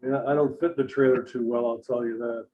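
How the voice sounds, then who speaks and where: A man in casual chat, telling anecdotes in an animated way. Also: medium pitch, fast, highs cut off. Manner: animated storyteller.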